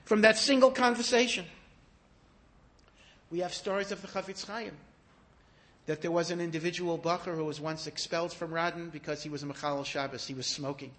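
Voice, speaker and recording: Guy with a high voice preaching, animated storyteller. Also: quick pace. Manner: animated storyteller, rising to emphatic peaks. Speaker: rabbi giving a talk. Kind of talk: storytelling sermon.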